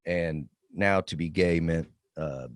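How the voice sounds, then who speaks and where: A man's voice: low-pitched, takes it slowly, dry recording, clean studio sound. A man in his forties, a podcast co-host, telling a long profane story in casual chat. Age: 40s. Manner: profane, rambling storytelling with animated quoted voices.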